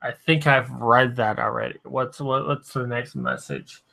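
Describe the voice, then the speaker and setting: A drunk man talking to his stream viewers with slurred, halting speech, sometimes very soft. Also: medium pitch, steady tone, creaky. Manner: talks softly at times. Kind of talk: drunken livestream monologue.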